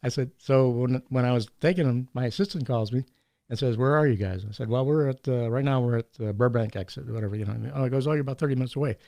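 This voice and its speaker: A man telling anecdotes in a casual podcast chat, animated and laughing often, acting out the people in his stories. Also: medium pitch, fast talker, creaky, dry recording. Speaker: podcast guest. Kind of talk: casual storytelling.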